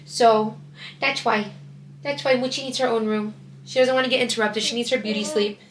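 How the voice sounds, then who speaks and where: A woman's voice: fairly high pitch, fairly even intonation, moderate pace. A woman in her twenties chatting casually to her viewers in a home vlog, filming on a handheld camera, with lots of "like" and "you guys". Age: 20s. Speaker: vlogger.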